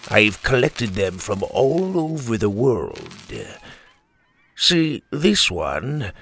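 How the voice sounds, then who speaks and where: Cocky captain, as a man puts him on, sneering, boastful, gravelly, swooping, unhurried. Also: medium pitch, big pitch swings, a bit bright, full character voice. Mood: smug. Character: cocky swaggering male pirate captain.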